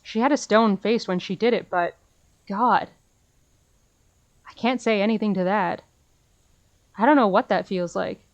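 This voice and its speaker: A woman's voice: medium pitch, a little slow, pauses often, highs cut off. A woman streamer reading a visual novel aloud in an earnest, emotional way, breaking off to gush at the screen.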